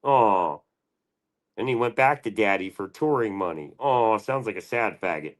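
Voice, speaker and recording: A man's voice: on the low side, animated, normal speed. A man hosting a livestream, taunting and cursing at a rival in heated, profane banter. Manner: taunting, profane trash talk. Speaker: livestream host.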